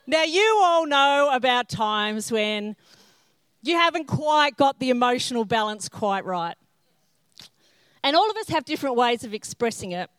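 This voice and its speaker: A woman's voice: high-pitched, measured pace, long pauses, smooth, no echo. A middle-aged woman preaching a sermon, telling self-mocking stories and acting out the scenes. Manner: self-mocking humorous storytelling; animated, acts out scenes in character. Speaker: pastor.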